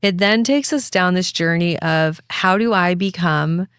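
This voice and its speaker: A woman's voice: fairly low pitch, unhurried, a bit bright, smooth, no room sound, clean studio sound. A woman hosting a podcast, speaking in an affirming way and asking reflective questions. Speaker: podcast host. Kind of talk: supportive interview conversation.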